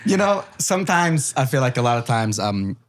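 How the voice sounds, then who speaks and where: A man's voice: mid-range voice, moderate pace. A man guest, a magician, chatting casually on a podcast and acting out quoted people with lots of laughter. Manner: animated storyteller, acts out quotes, laughs often. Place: studio.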